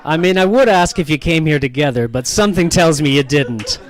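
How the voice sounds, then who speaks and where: A man's voice: on the high side, lively intonation, brisk. A man doing stand-up crowd work, teasing the audience with profane jokes. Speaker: stand-up comedian. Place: comedy venue with live audience.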